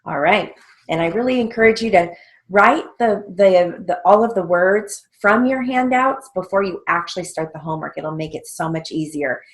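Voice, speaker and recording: A woman teaching a steno theory lesson, patiently spelling out words letter by letter and checking in with "okay?". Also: fairly low pitch. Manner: slow, patient, letter-by-letter dictation with frequent "okay?" check-ins.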